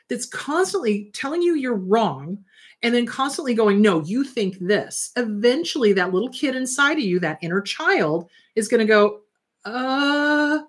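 A woman's voice: medium pitch, husky. A middle-aged woman therapist hosting her own advice show, talking bluntly and emphatically to viewers and often acting out what others say. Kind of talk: direct-to-camera advice talk.

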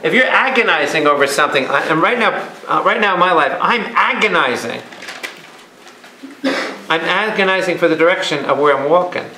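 A man's voice: a little high, lively intonation, a little fast, pushed and bright. A man, a priest leading a Bible study for a live group, who speaks emphatically and keeps firing questions at his listeners. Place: a meeting room or church hall with a live audience. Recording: echoey room.

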